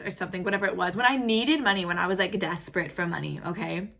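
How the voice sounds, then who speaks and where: Woman in her twenties, storytime rant, animated and heated, bright voice. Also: mid-range voice, fairly quick. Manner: animated, heated retelling with lots of "like" and quoted dialogue. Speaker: vlogger.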